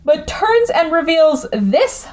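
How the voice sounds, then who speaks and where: A woman's voice: high-pitched, sing-song, slow, a little mellow. A woman chatting casually as she recaps a movie plot, with lots of fillers and asides. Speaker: podcast host.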